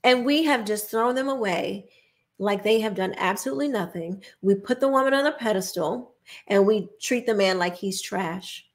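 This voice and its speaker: A woman's voice: medium pitch, normal speed. A woman hosting her own show, giving an emphatic, preachy opinion monologue and mocking the people she quotes. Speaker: host.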